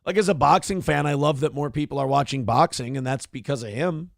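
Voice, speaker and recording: A man's voice: medium pitch, fairly quick, creaky, no echo, clean studio sound. A man hosting a morning talk show, chatting casually in a profane, joking way. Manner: profane, joking, mocking impressions. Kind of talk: casual chat.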